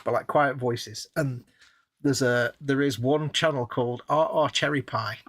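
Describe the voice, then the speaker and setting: A man's voice: mid-range voice, steady tone, measured pace, a bit bright, a little hiss or hum. A man co-hosting a live stream, chatting casually and wryly while building models. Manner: chatty, rambling, wry.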